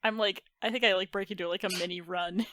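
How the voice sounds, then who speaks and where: A woman's voice: mid-range voice, fairly even intonation, fast, pushed and bright, no room sound, studio quality. A woman playing a tabletop game, talking bluntly and casually with plenty of swearing. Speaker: player. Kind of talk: tabletop role-play, in and out of character.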